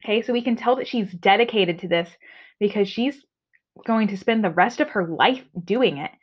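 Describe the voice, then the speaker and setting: A woman's voice: mid-range voice, moderate pace. Friendly woman teacher on a lo-fi recording. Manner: friendly, explanatory, with frequent "okay"s. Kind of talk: remote reading lesson. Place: home. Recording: dull lo-fi recording.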